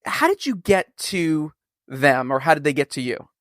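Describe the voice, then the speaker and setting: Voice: medium pitch, very animated, moderate pace, no room sound, studio quality. A host from Long Island, reading an upbeat intro and then chatting with a guest. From Long Island, New York. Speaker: podcast host. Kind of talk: scripted intro then casual interview.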